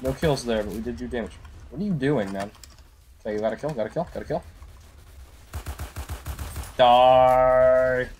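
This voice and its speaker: A young man giving excitable live commentary while playing a shooter game at home on a desktop microphone. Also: medium pitch, fast. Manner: excitable, reactive, frequent exclamations. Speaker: gaming YouTuber.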